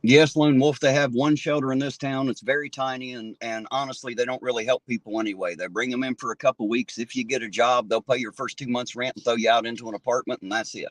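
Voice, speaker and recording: A man with a twang rants into his phone on a town street, swearing hard and sounding thoroughly fed up. His voice sits at an ordinary middle pitch. The sound is close and dry. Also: fairly even intonation, quick pace, few pauses, fairly bright tone, no echo. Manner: swears heavily, indignant and fired up. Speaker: livestream host. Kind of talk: angry livestream rant.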